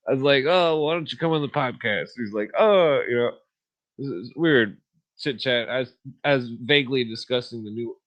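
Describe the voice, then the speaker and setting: Casting: male podcast host, meandering and crude, chuckles through his anecdotes, mid-pitch voice. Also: lo-fi sound. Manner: profane, meandering, laughs at own stories. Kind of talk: rambling casual monologue.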